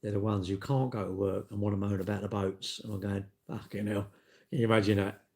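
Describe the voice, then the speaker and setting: A man talks bluntly and swears freely, acting out quotes as he tells his stories. His voice sits low and has a gravelly rasp, with the loose flow of a casual live-stream rant. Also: level tone, a little fast, darkish tone. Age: 60s. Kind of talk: casual ranting monologue.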